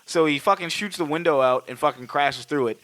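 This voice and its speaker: A male podcast co-host recaps a film in casual chat, rambling and swearing freely. His voice is bright and forward, recorded close and dry. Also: on the high side, brisk, no room sound. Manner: rambling, profane, animated retelling.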